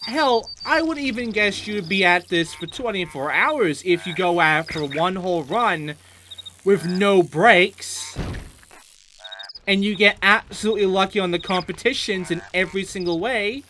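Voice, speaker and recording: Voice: mid-range voice, moderate pace, sharp tone, slight background noise. A gaming host giving let's play commentary, ranting in a profane, exasperated way.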